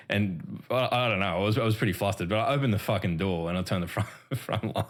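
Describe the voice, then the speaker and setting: A man's voice: fairly low pitch, fairly quick. A man with an Australian accent co-hosting a gaming podcast, swearing freely and laughing through his stories. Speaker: podcast co-host. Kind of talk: casual gaming chat.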